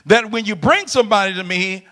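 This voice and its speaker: A middle-aged man preaching a lively sermon in a church, shouting and laughing with the congregation. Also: high voice, fairly quick. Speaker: pastor. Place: church sanctuary.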